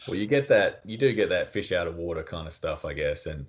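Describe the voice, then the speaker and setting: A man's voice: deep voice, lively intonation, fairly quick. A man co-hosting a casual podcast chat about films, rambling with many fillers and quoting characters, on muffled lo-fi audio. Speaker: podcast co-host.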